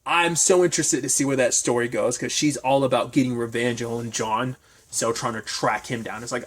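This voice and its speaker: A man's voice: medium pitch, fairly even intonation, normal speed. Rambling man recapping an episode. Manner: rambling, filler-heavy, speculative. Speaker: TV episode reviewer. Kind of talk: casual recap talk.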